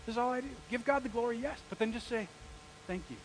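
A man preaching a sermon as pastor, conversational and animated, asking the congregation questions and dropping into casual slang. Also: very high-pitched, racing, a little hiss or hum, rough recording. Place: church sanctuary.

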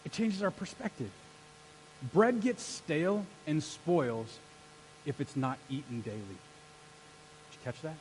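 A man preaching a sermon as pastor, energetic and rallying his congregation to answer back. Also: a little high, takes it slowly, pauses often, slight background noise, poor audio. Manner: energetic, rallies the congregation with call-and-response. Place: church sanctuary.

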